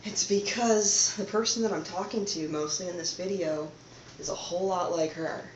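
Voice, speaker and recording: A woman hosting her own channel, talking to camera in a soft-spoken, meandering, conspiratorial monologue. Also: on the low side, fairly even intonation, normal speed, slight background noise. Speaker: channel host. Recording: roomy, slightly dull home recording.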